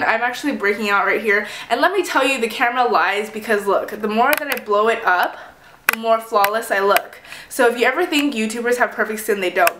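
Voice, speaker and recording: A woman's voice: on the high side, background noise. Young woman, casual makeup-tutorial chatter, rambling with fillers, roomy echo. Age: young adult. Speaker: beauty vlogger. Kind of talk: casual get-ready-with-me chat.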